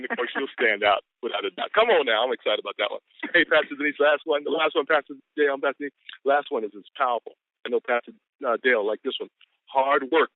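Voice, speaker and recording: A fast-talking man with a drawl fires up his listeners in an excited motivational pep talk, whooping and calling out to them as he goes. His voice comes through a tinny phone line with no room sound at all. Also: medium pitch, no echo. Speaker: business caller giving the daily quote.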